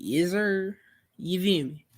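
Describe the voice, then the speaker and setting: A young man hosting a live stream, chatting casually with viewers in a relaxed, rambling way full of fillers. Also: high voice, slow. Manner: laid-back, rambling, many fillers.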